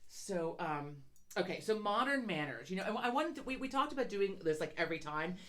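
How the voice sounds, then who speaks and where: A woman's voice: medium pitch, expressive, brisk, a bit bright. A woman from central Pennsylvania co-hosting a casual podcast, telling stories with lots of swearing and giggling. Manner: profane, giggly storyteller. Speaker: podcast co-host. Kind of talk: casual chat.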